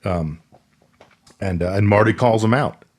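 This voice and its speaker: Man, deep voice, podcast co-host, casual film recap, lots of ums and restarts. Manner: rambling, halting retelling with many fillers and restarts.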